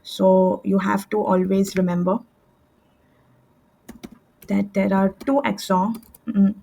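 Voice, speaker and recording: A woman tutoring French, explaining verb endings step by step with fillers and quick self-corrections, at a desk with a computer mic. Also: medium pitch, flat delivery, creaky, dark tone, poor audio. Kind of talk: screen-share language lesson.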